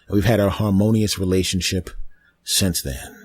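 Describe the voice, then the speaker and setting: A man hosting a comedy podcast, rambling in a deadpan, absurd monologue on a close mic. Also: low-pitched, moderate pace, breathy edge, no room sound.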